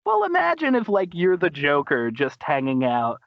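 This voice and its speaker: A man hosting a podcast, casually recapping a cartoon episode in an animated way, laughing and acting out quotes. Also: moderate pace, vocal fry, no echo, highs cut off. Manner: animated, laughing, acts out quotes in high voices. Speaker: podcast host.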